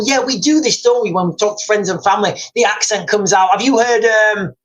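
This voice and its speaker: Male streamer, rambling and excitable, restarts sentences, reads chat aloud. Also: high voice, a little fast, few pauses, rough recording. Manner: rambling, excitable, repeats phrases, many fillers. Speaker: livestream host. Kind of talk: casual livestream chat reading viewer comments.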